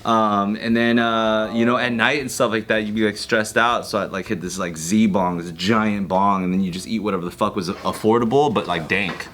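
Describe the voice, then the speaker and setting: Low-voiced man rambling through a story. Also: fairly even intonation, moderate pace, few pauses, a bit bright, slight background noise. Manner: rambling, profane anecdotes with fillers. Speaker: podcast guest. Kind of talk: casual chat.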